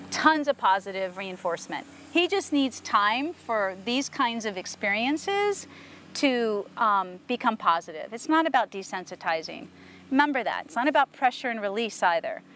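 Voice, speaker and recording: A woman horse trainer working a horse outdoors, explaining to viewers and softly praising the horse as she goes. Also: a little high, animated, a little slow, a little hiss or hum. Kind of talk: instructional training video.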